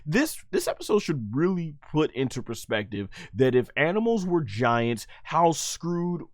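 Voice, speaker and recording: A man giving excited recap commentary on an anime episode, laughing often and acting out the characters' lines. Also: on the high side, a little slow, no room sound, studio quality.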